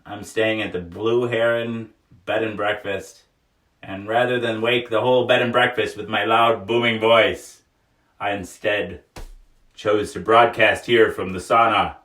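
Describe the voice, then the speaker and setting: Man streaming from a small sauna, lowish voice, laughs a lot, frank jokey host, boomy and echoey, off the mic. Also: steady tone, a little slow, fairly bright tone, distant mic. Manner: laughs often, joking and frank. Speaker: livestream host. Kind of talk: casual chat reading viewer comments aloud. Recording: echoey room, voice away from mic.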